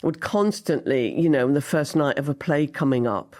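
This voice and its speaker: An older woman, a guest actress on a podcast, telling animated stories with frequent laughter. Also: low-pitched, normal speed. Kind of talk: podcast interview.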